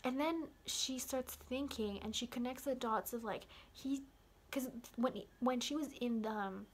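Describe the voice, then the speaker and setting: A young woman casually recapping a film's ending, rambling with lots of "like" and excited asides. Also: a little high, unhurried, a little hiss or hum. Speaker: vlogger.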